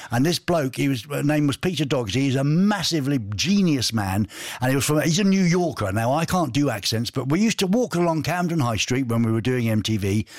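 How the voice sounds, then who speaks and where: A man's voice: medium pitch, lively intonation, brisk, no room sound, clean studio sound. A man hosting a casual radio show, reading listener messages in a jokey, rambling way. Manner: jokey, rambling, laughs at own stories. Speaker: radio host. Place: radio studio.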